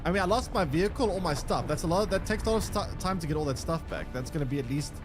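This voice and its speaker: A man's voice: fairly high pitch, expressive, fast talker, music in the background. Exasperated swearing game streamer man. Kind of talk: live gameplay commentary.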